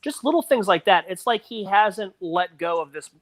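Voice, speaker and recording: A man's voice: sits high, expressive, normal speed, fairly bright tone, no room sound. A man talking through a film as a podcast guest, rambling and leaning on "you know" fillers. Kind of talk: casual movie discussion.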